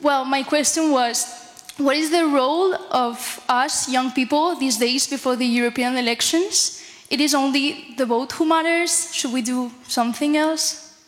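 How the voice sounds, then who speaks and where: Young woman, polite, high voice, hall echo. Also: unhurried. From Spain. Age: young adult. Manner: polite, formal. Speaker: student asking a question. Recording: long hall reverb.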